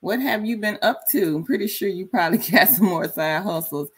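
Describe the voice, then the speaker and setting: A woman hosting a casual livestream, reading viewer comments aloud and greeting people by name, sometimes in a sudden high sing-song call. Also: breathy edge. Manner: slow, drawn-out delivery. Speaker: livestream host.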